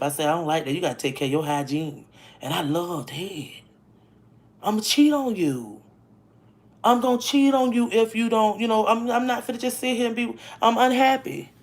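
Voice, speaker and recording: A woman telling stories in a casual vlog from home, laughing often and talking bluntly with many restarts. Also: a little high. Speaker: vlogger. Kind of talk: casual storytelling chat. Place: home, indoors.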